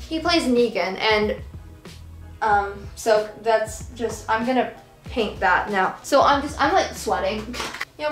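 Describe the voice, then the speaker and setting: Young female vlogger, rambling giggly chatter, slightly high voice, roomy echo. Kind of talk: casual chat while painting. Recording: echoey room with soft background music.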